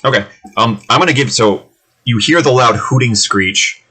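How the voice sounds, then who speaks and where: A man running a tabletop game as game master, easygoing and chatty, often laughing and filling pauses with "uh" and "um". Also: mid-range voice, pushed and bright, husky, rough recording. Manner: easygoing, laughing, filler-heavy. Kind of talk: casual tabletop game narration.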